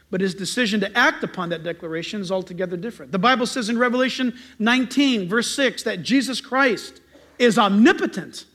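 A middle-aged pastor preaching a sermon, telling stories in an animated way and acting out loud greetings. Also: male voice, high-pitched, fairly quick.

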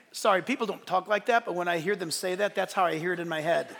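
A male pastor preaching a sermon, animated, acting out quoted voices along the way. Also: high voice, fast, gravelly, hardly any pauses, big-room sound, a faint crowd.

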